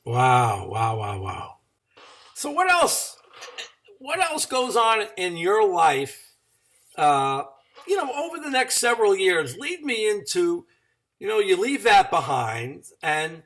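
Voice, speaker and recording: A man's voice: high voice, very animated, slow, a bit bright. A man hosting a podcast interview, asking rambling questions full of "you know.". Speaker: podcast host.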